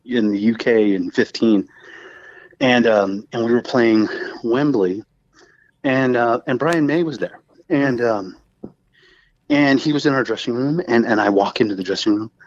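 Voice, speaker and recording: A man who is a guest musician on a podcast, telling stories in a rambling, animated casual chat full of fillers. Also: mid-range voice, unhurried, pauses often, dull audio.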